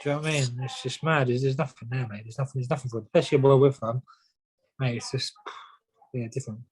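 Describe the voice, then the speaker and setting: Young man, quick-fire podcast guest, peppers every line with "mate". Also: medium pitch, steady tone, a little mellow, rough recording. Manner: rapid, says "mate" and "do you know what I mean" constantly. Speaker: professional boxer guest. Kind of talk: casual podcast chat.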